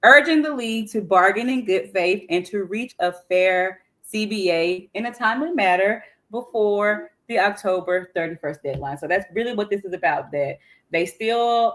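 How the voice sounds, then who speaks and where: A woman's voice: mid-range voice, fairly bright tone. A woman with a Southern US accent co-hosting a podcast, chatting in a casual, colloquial way and often breaking off mid-thought. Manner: chatty, colloquial, self-interrupting. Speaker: podcast co-host.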